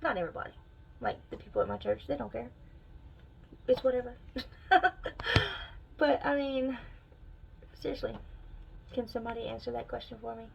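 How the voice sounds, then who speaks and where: A young woman telling a story in a casual vlog, animated and exasperated, her pitch jumping as she talks. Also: brisk, gravelly, long pauses, slight background noise, poor audio. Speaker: vlogger.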